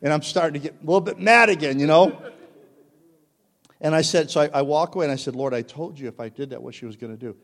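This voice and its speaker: A man's voice: fairly high pitch, fast. A man preaching a sermon, telling a story animatedly and acting out the voices in it. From Italian-American family. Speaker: pastor. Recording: long reverb of a large hall.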